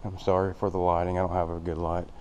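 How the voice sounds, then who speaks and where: Out of breath, a vlogger rambles casually through a large, empty old factory on a handheld camera, talking plainly with plenty of fillers. His low voice is monotone and quick, darkish in tone, with a slight hiss or hum.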